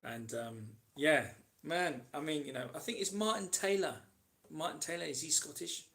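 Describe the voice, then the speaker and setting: At a moderate pace, a man with a fairly high, fairly bright voice and noticeable vocal fry runs a casual live Q&A stream. He reads viewer comments out loud and responds chattily, meandering with lots of ums and restarts.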